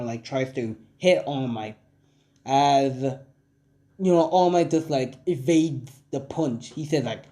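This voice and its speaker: Young male storyteller, casual and rambling, mellow tone. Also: on the high side. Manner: rambling, filler-heavy, casual. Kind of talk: improvised fan story narration.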